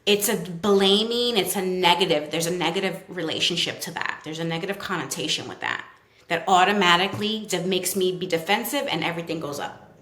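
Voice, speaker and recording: A woman's voice: lowish voice, fairly quick, a bit bright. A woman with a New York accent, a child therapist chatting casually as a podcast guest and acting out what kids say. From Brooklyn. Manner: chatty, many fillers, acts out kids' quotes. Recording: roomy echo.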